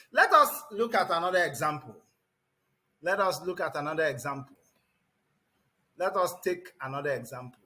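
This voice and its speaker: A man teaching English pronunciation to a class, repeating words slowly and emphatically and calling on students by name. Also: high voice, bright, forceful tone. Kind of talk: classroom lesson.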